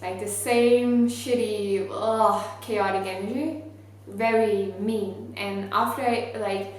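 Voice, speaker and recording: A young woman who is not a native English speaker, telling a story to camera in an earnest, animated way with lots of "like". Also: mid-range voice, a little slow. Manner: earnest, animated, many fillers like "like". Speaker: vlogger. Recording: very echoey space with faint ambient noise.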